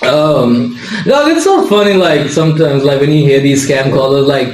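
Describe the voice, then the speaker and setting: A young man co-hosting a casual podcast chat, animated and swearing, laughing often. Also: a little high, moderate pace, a little hiss or hum. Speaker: podcast co-host. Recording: echoey room, faint ambience.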